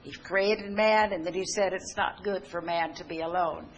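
A woman's voice: lowish voice, steady tone, moderate pace, muffled recording, slight background noise. An older woman giving a sermon-style talk, telling homespun stories in a conversational way with restarts and asides. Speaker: speaker giving a testimony talk. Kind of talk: sermon-style personal storytelling.

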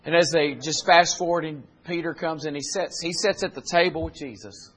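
A man preaching a sermon, retelling scripture in plain folksy speech and building to loud, climbing exhortation. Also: fairly high pitch, normal speed, breathy edge.

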